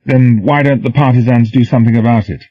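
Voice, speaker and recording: A man's voice: medium pitch, fairly even intonation, fast talker, dry recording, pitched above the performer's own voice, close to an everyday voice. A man voicing a sarcastic, distrustful young male officer with a scornful, suspicious manner, in a storybook reading. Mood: incredulous. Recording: dull, dry, lo-fi.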